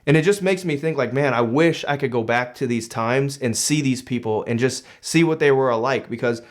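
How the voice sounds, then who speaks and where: A man's voice: mid-range voice, a little fast. Casual man reflecting on a book. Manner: reads a passage aloud, then muses on it conversationally with fillers. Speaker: book commentator. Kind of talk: casual reading and commentary.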